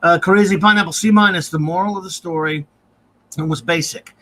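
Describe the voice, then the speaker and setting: A man's voice: high voice, steady tone, normal speed, pushed and bright. A man hosting a casual live-stream review, reading out viewer comments and grades and chuckling often. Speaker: podcast host.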